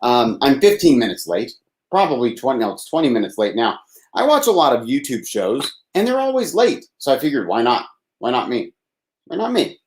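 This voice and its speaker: A man's sing-song, fairly quick voice, medium in pitch and darkish in tone, carries a rambling solo livestream where he hosts a call-in show at his desk. He sighs, swears and belittles himself, sounding thin and slightly whiny on a raw desk microphone.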